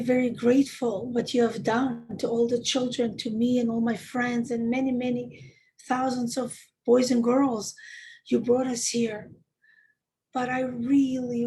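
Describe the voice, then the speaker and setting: A woman's voice: fairly high pitch, dark tone. A woman voicing a frightened young orphan boy who begs through tears. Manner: tearful, begging.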